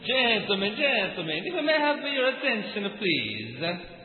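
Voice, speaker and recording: Man doing a high, brash Italian-American cardinal. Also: sing-song, moderate pace. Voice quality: bingo-caller patter, brash. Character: cardinal calling lottery balls to pick a pope. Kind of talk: comedy sketch. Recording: thin, phone-like, echoey hall.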